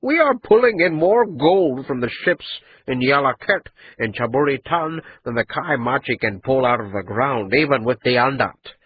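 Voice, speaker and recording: A man voicing an old, fat, rich merchant who is boastful and shrewd, with a husky, booming delivery. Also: lively intonation, moderate pace, hardly any pauses, narrow, tinny audio, lightly acted. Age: older.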